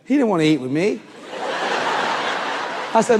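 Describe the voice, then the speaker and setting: A man preaching a comic storytelling sermon, acting out dialogue with sudden shouts, in a large church hall. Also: sits high, sing-song, measured pace. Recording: long hall reverb with faint noise.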